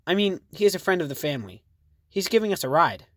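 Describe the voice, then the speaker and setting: A man voicing a quick-thinking young girl cutting in eagerly in an audiobook. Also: mid-range voice, a bit bright, dry recording, studio quality, natural voice. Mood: urgent.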